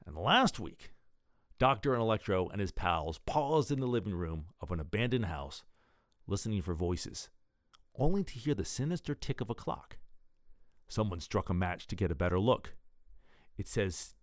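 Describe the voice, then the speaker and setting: A man reading his own wry column and a serial story as a show's host. His pitch moves in a lively way, and the sound is close and dry with no room echo. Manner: wry, pun-loving reading. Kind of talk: scripted column and serial narration.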